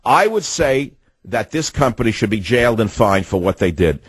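A man's voice: fairly low pitch, very animated, normal speed, slightly rough, no echo. A man hosting a talk radio show, delivering an indignant, ranting monologue with sardonic asides.

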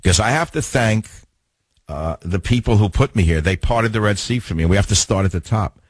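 A man's voice: lowish voice, lively intonation, brisk, slightly rough, dry recording. An older man hosting a talk radio show, delivering an opinionated, combative monologue with rhetorical questions. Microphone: studio mic.

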